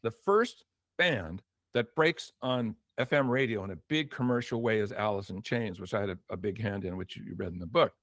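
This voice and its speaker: A man's voice: on the low side, moderate pace, dry recording, studio quality. An older man, a former record promotion executive, telling stories as an interview guest, acting out dialogue with many restarts. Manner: animated storyteller, acts out quoted dialogue, many restarts. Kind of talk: storytelling interview talk.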